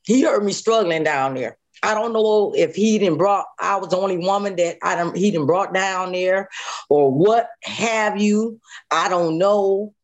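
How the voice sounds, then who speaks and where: A woman guest telling her own survival story in an interview, animated, acting out what people said and repeating phrases. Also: medium pitch, measured pace. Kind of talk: emotional personal testimony.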